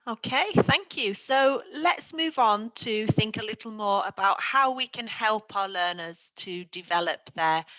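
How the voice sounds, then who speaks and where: A woman, a teacher trainer, guiding an online class over a video call in a clear, structured way. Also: mid-range voice, unhurried, few pauses, bright, forceful tone, no room sound, low-quality recording. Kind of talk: online lesson.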